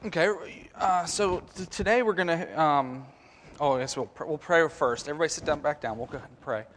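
A man leading a children's message in a church sanctuary, coaxing the kids through a little skit and then a short prayer. His fairly high voice carries a long church reverb. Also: a little fast, fairly bright tone, slight background noise. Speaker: children's sermon leader.

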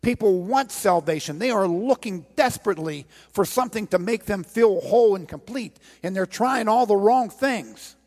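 A male pastor delivers an earnest, pleading sermon. His voice sits a little high with a gravelly edge. It carries a long reverb through a large church hall. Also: animated, moderate pace, hardly any pauses, a little mellow. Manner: earnest, pleading, retells scripture with quoted voices.

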